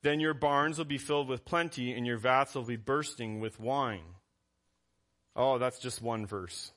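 A man's voice: mid-range voice, unhurried, a bit bright. A man preaching a conversational sermon as pastor, reading scripture aloud between asides.

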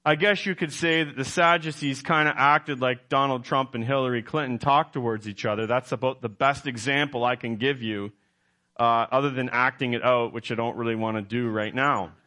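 Bright-voiced pastor preaching. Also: male voice, medium pitch, normal speed. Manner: emphatic, quizzes the congregation, self-corrects. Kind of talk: sermon.

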